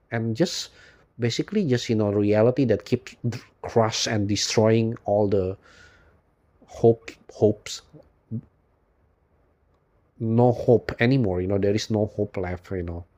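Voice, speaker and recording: A man speaks in a low, mellow voice, alone and unscripted. His talk is weary and despondent and keeps circling back on itself. He packs in "you know" and curses freely. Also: steady tone, measured pace. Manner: rambling, constant "you know" fillers, frequent swearing. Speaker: YouTube channel host. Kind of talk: unscripted personal monologue.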